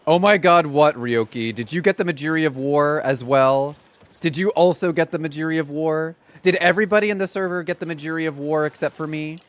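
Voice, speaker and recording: A young man streaming a game, chatting casually in an excitable, dramatic and sarcastic way. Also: on the high side, brisk. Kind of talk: casual gaming livestream chat.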